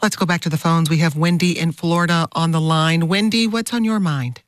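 A woman hosting a public radio talk show, guiding callers and guests with a brisk, clear delivery. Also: low-pitched, dry recording, studio quality. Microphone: studio microphone.

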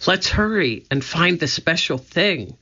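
A man's voice: fairly high pitch, animated, measured pace, bright, forceful tone, voice pushed up, full character voice. A man voicing a bold, eager young girl adventurer who often whispers or cries out urgently. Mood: hushed eager. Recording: dull lo-fi recording.

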